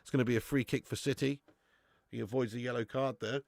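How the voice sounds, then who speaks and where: A man's voice: medium pitch, fairly even intonation, fast, vocal fry, no room sound, studio quality. An English man hosting a live football watch-along, chatting casually with viewers and reading out their comments. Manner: laughs often, calls people mate.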